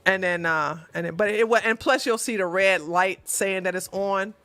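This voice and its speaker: A woman hosting a casual livestream, chatting with her viewers in an animated way, often laughing and talking back to the chat. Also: mid-range voice, normal speed, no room sound. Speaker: livestream host.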